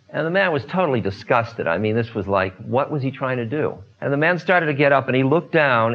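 An older man in a relaxed storytelling talk, unhurried, trailing off into fillers and asides as a spiritual teacher. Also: medium pitch, dull audio. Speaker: spiritual teacher telling stories.

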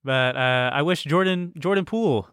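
A young man co-hosting a casual comedy podcast, teasing his co-host with quick jokes and interjections. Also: on the high side, fairly bright tone, smooth, no room sound, studio quality.

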